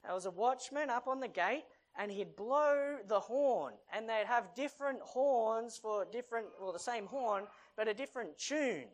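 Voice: mid-range voice, expressive, moderate pace, hardly any pauses. A preacher giving a casual, joking sermon and reading from the Bible, chatty and playful with the audience. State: short of breath.

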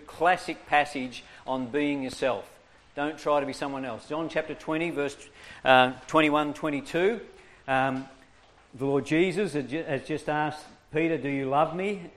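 A man preaching a sermon, telling stories animatedly and laughing often. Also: fairly high pitch. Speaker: preacher, evangelist. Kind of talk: storytelling sermon.

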